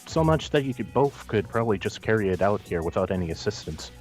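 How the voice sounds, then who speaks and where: Low-voiced man narrating as game master. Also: animated, darkish tone, faint music behind. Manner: measured, descriptive narration.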